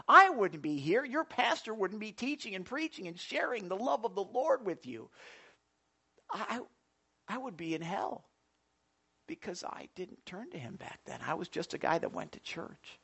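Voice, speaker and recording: A man preaching a sermon as pastor, animated, with big swings from soft to loud and repeating words as he starts sentences. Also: high voice, moderate pace, vocal fry, slightly rough.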